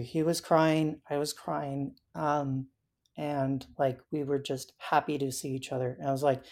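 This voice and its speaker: A woman as an interview guest, telling her story in a halting way with frequent fillers. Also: sits low, darkish tone. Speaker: interview guest recounting a hike.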